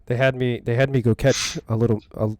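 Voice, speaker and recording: A man in a tabletop game plays his character, telling a halting, rambling tale. His voice is mid-pitched and recorded dry and close. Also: little pitch movement, darkish tone, no echo. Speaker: player. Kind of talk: in-character tabletop role-play.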